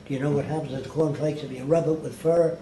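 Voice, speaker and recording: A man's voice: fairly high pitch, fairly even intonation, quick pace, dark tone, a little hiss or hum. A man in an interview telling anecdotes in a plainspoken, wry way, often acting out the people he quotes. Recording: roomy archive recording, faint ambience.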